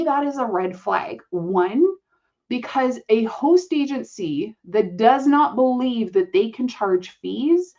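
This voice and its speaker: Woman host, coaching monologue; firm, matter-of-fact delivery at a middle pitch, slightly dull recording. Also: darkish tone. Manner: direct, matter-of-fact, talks to the listener as "you". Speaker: podcast host and business coach.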